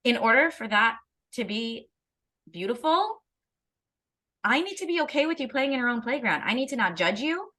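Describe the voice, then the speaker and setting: A woman in a candid conversation on parenting, expressive and fond of acting out little scenes. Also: fairly high pitch, moderate pace, long pauses. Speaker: parenting educator.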